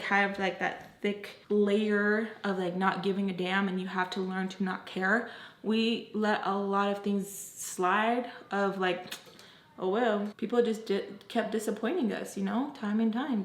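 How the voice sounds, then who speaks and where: Young woman doing a story time, casual and cussing a lot, mid pitch, kinda echoey room. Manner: animated, profane, chatty with many "like" fillers. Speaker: beauty and story-time YouTuber. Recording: roomy echo.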